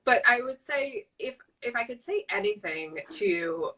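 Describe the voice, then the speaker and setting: A middle-aged woman, a guest in a casual live-stream chat, speaking in a reflective, halting way and often correcting herself. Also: on the high side, very animated, pushed and bright. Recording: distant mic.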